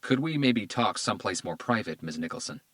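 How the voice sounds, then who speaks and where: A man voicing a calm, quiet police detective who speaks gently and evenly in an audiobook thriller. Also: lowish voice, fairly quick, no echo, pitched above the performer's own voice. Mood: gentle.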